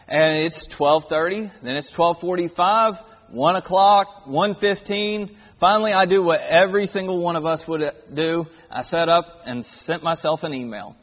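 A man's voice: a little high, a bit bright. A man in his thirties preaching a sermon in a church auditorium, earnest and stressing key words. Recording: long hall reverb.

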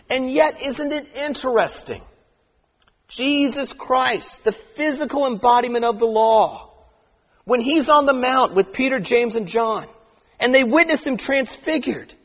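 A preacher with a strikingly high, husky voice delivers an impassioned sermon. He often slows down and drops to a quiet, deliberate stress. The sound rings with the long reverb of a large hall. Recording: echoey hall.

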